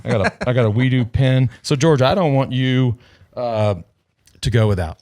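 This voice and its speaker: A man's voice: medium pitch, moderate pace, darkish tone. A man hosting a podcast in casual chat, rambling and joking with plenty of swearing, into a headset mic. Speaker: podcast host.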